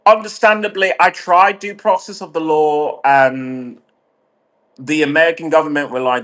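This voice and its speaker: A man's voice: fairly high pitch, fairly even intonation, normal speed, a bit bright. A man delivering a heated, sardonic monologue full of swearing, speaking as a vlogger. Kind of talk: ranting monologue.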